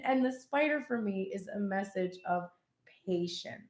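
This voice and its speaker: A woman giving a casual live tarot reading, chatty and animated, with frequent laughs and cheeky asides. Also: medium pitch, unhurried, reverberant. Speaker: tarot reader.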